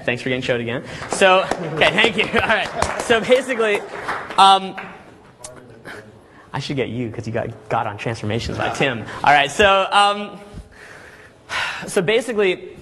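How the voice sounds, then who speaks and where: A man coaching a live seminar group, talking energetically and checking in constantly with "okay?" and "all right?", sometimes acting out quick scenes. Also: high-pitched, pushed and bright, slight background noise. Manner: acts out little scenes in quick put-on voices. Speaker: dating coach and boot camp instructor.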